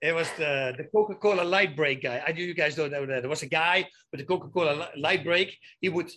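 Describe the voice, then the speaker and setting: A man being interviewed as a guest, telling lively anecdotes in a casual way, often restarting his sentences and adding emphatic asides. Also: on the high side, fast talker. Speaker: guest, former fighter turned actor.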